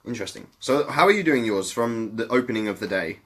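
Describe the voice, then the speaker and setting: A man's voice: on the low side, animated, fast, a bit bright, breathy edge. A man, co-hosting a podcast in casual chat, blunt and sweary with dry humour. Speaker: podcast co-host.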